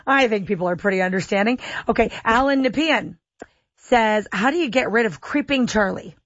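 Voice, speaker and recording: A woman's voice: fairly high pitch, expressive, normal speed, no echo, lo-fi sound. A woman radio host reading listener questions aloud and teasing her guest in a playful way. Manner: playful, reads messages aloud and teases.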